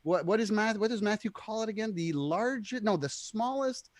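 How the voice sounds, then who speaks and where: A man's voice: sits high, normal speed, dry recording. A man, a guitarist, talking casually and with animation on a remote livestream chat, laughing often. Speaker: guitarist guest.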